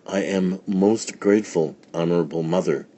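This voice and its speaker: A man reading a storybook aloud, voicing a meek, gentle young stepdaughter who speaks softly and politely. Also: low voice, normal speed. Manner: soft, polite, pleading.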